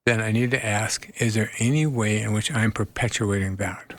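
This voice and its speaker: Gravelly man telling stories earnestly. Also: lowish voice, moderate pace, no echo. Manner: earnest, animated storyteller who laughs often. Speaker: guest therapist. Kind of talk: radio interview, storytelling.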